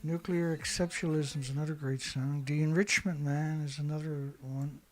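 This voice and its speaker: A middle-aged man hosting a casual livestream, rambling and chatty, clearing his throat often and swearing now and then. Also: fairly high pitch, flat delivery, normal speed, a little mellow, soft background music. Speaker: show host.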